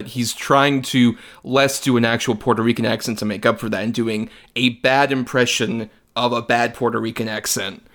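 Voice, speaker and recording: A man's voice: mid-range voice, steady tone, moderate pace, hardly any pauses, a bit bright. A young man co-hosting a film podcast, chatting casually, swearing and laughing often as he riffs. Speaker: podcast co-host.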